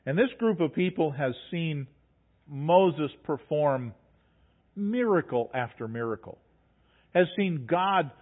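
A male pastor delivers a sermon, swinging his pitch widely and acting out quoted voices. His voice sits a little high for a man. The recording is tinny and phone-like. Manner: animated preaching, acts out voices of the people in the story.

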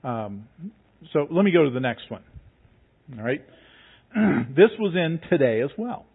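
A man's voice: on the high side, sing-song, measured pace, vocal fry, breathy edge. A man preaching a sermon in a folksy, joking, storytelling way. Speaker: pastor. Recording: phone-like narrow band.

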